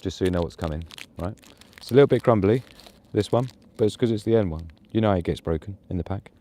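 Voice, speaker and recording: A man's voice: low-pitched, fast, mellow, slight background noise. A man live-streaming casual chat outdoors in the woods at night, laughing often and cooing at his dog. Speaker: prepper vlogger.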